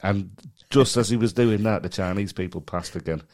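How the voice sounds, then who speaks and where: A man's voice: fairly low pitch, normal speed, a little mellow. A man with a Mancunian accent co-hosting a podcast, chatting casually and laughing as he tells stories. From Manchester, England. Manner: rambling, laughs while telling stories. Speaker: podcast co-host. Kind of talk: casual chat.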